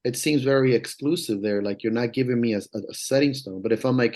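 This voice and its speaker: An emphatic, swearing strength coach. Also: male voice, medium pitch, fast, few pauses, a little mellow. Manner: emphatic, profane, rambling and earnest. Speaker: strength coach and podcast guest. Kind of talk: casual podcast conversation.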